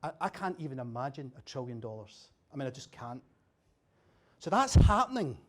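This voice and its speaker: A man's voice: medium pitch, very animated, normal speed. A man giving an after-dinner talk at a dinner event, chatty and self-deprecating, often restarting his sentences. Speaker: dinner speaker.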